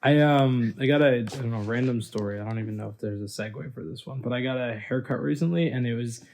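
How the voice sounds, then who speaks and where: A man's voice: medium pitch, fast talker, vocal fry, darkish tone, a little hiss or hum. A man guest on a casual podcast who tells rambling, self-deprecating stories. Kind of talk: casual chat.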